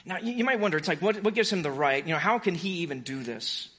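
A male pastor delivers a sermon with a bright, forceful edge to his fairly high voice. He preaches with urgency, pleading with his listeners, then drops into hushed, intimate stretches. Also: expressive, fast, husky.

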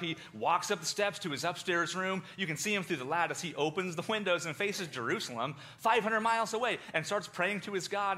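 A high-voiced man tells a Bible story from a first-person view, delivering it in a theatrical, animated style. He speaks directly to his listeners.

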